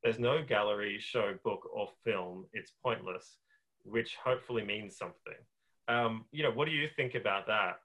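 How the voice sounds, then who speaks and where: Low, bright-voiced man hosting. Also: moderate pace, poor audio. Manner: casual, lots of fillers. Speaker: podcast host. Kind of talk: conversational interview.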